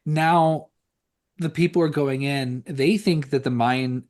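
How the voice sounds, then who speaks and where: A man's voice: on the high side, takes it slowly, a little mellow. A man co-hosting a podcast, chatting casually about a horror movie in a rambling, profane way full of "like" and restarts. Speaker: podcast co-host. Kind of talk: casual movie commentary chat.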